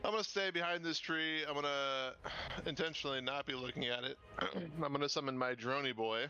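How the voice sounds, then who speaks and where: A man's voice: medium pitch, fairly quick, pushed and bright, highs cut off. A man playing a tabletop game, casual and joking, laughing easily. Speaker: player.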